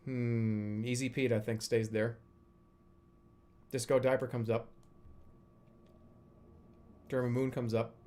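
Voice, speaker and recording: Male streamer, casual live chat, talks to himself while he sorts, middle pitch. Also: flat delivery, takes it slowly, long pauses, darkish tone. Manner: musing aloud, drifting volume, brief laughs.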